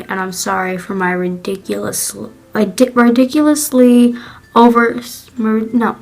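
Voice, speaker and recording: A teenage girl vlogging, talking in a halting, apologetic way and choked up after crying. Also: mid-range voice, rough recording. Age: teens. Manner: halting, self-correcting, apologetic. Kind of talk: confessional vlog talk.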